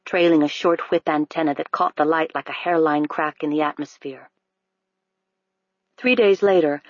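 An audiobook narrator reading a novel in a steady, unhurried storytelling manner. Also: medium pitch, no echo. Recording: dry, dull lo-fi recording.

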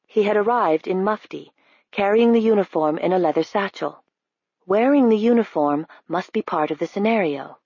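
A woman narrates a novel in a steady, measured way. Her voice has a slight breathy huskiness. The recording sounds close and dry, a little dull in the highs. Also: no echo. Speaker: audiobook narrator. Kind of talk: scripted narration.

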